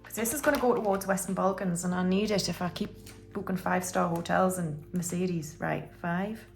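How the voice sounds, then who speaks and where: Soft music plays as a woman with a lowish, creaky voice counts cash into budget envelopes for her YouTube viewers. She speaks at a normal pace with fairly even intonation, breezy and offhand, but she's slightly unwell and clears her throat.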